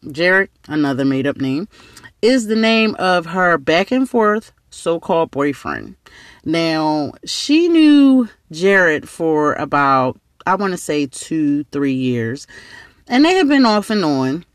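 Man podcast host, rambling storyteller, fairly high voice, dry close sound. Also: sing-song, slow pace, no echo. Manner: chatty, rambling with side tangents. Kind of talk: casual storytelling.

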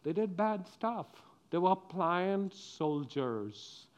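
A man's voice: high voice, sing-song, extremely slow, highs cut off. A middle-aged man giving a children's sermon, telling the story with animation and asking the children questions. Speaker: preacher.

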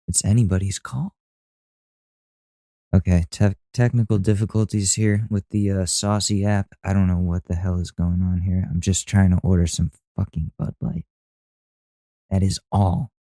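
A young man vents on his podcast with plenty of swearing and exasperated asides. His voice sits a little low and sounds dark and mellow. The sound is dry and close, with no room around it. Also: no echo. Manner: profane, exasperated, ranting. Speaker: podcast host. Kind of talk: casual rant to camera.

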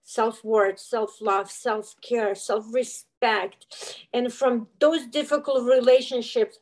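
A middle-aged woman with a high-pitched voice speaks as an interview guest. She tells a personal story in an earnest, emotional way and acts out what each person said with real animation. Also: rough recording.

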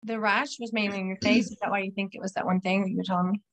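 A woman's voice: mid-range voice, steady tone, rapid-fire. A woman, a mother with kids at home, co-hosting a podcast in casual chat, asking curious questions and swearing freely. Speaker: podcast co-host.

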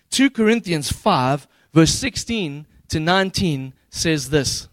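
Man, pastor, casual humorous sermon, higher-pitched voice, dry sound. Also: lively intonation, unhurried, few pauses, no room sound. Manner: casual, humorous storytelling with slang paraphrases.

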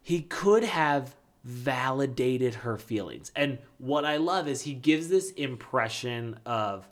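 A man's voice: mid-range voice, takes it slowly. Sarcastic, foul-mouthed male co-host. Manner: sarcastic, profane, animated retelling. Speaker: podcast co-host. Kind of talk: casual recap chat.

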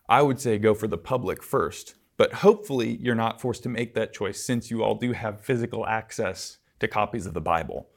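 Earnest man teaching a church class. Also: fairly low pitch. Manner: earnest, casual asides and fillers. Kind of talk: conversational church lecture.

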